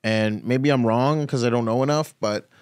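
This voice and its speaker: A man's voice: medium pitch, normal speed, darkish tone, clean tone, dry recording, studio quality. A comedian hosting his own podcast, ranting bluntly and profanely in a casual solo talk. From Canada.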